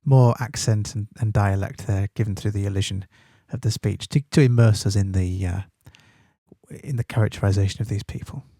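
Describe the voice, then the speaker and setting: A man's voice: fairly low pitch, normal speed, warm tone, no room sound, studio quality. A man hosting a study podcast, commenting on a set text in an informal way, thinking aloud as he goes. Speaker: podcast host and teacher.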